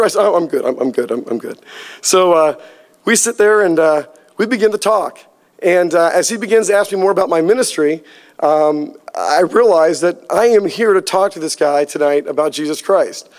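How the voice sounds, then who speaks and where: A man preaching a sermon, telling a lively personal story and acting out the dialogue. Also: high-pitched. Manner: storytelling, animated, acts out quoted dialogue. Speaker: pastor.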